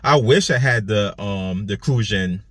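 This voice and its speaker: A young man from Saint Croix in the US Virgin Islands, who has an Antiguan accent, talks casually to his vlog audience in a self-filmed video. He's a vlogger and food delivery driver with a fairly low, slightly bright voice and a measured pace, rambling, repeating himself, and laughing between thoughts.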